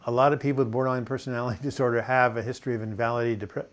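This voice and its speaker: An older man hosting a live video chat from home, reading viewer comments and answering in a relaxed, rambling way with many fillers and restarts. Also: medium pitch, rapid-fire. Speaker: host of a live video chat on mental health. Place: home in Portland, US.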